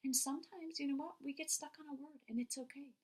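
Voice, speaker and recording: A woman's voice: sits high, fairly even intonation, quick pace, a little mellow. A woman teaching a classroom reading lesson, encouraging the children and praising them often.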